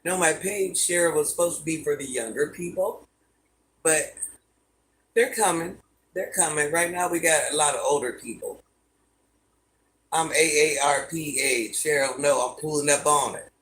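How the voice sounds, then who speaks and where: This woman in her fifties chats casually on a home livestream, reading comments from viewers aloud and answering each in a laid-back manner. She speaks low at a moderate pace, leaving long pauses.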